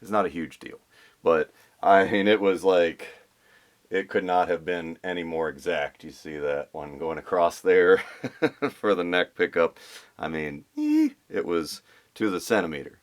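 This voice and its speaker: A man's voice: low-pitched, big pitch swings, a little slow. A man explaining a guitar pickup swap in a casual, thinking-aloud way with restarts and fillers. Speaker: guitar restorer.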